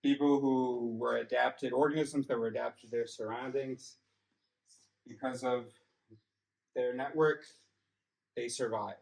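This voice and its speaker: Man, mid-pitch, casual lecturing tone, explains patiently in small steps; recorded on a dashcam in an echoey car cabin. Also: steady tone, a little slow, creaky, long pauses, a little mellow. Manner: explains step by step, checks in with "okay?" often. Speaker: son explaining a theory to his father. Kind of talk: casual lecture during a drive. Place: inside a car on the road. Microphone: dashcam mic.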